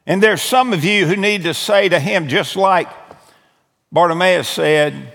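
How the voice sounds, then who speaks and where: A man's voice: sits high, unhurried, vocal fry, fairly bright tone. A man preaching an earnest altar-call sermon as pastor, pleading and repeating words as he restarts phrases. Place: church sanctuary. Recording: long hall reverb from church room.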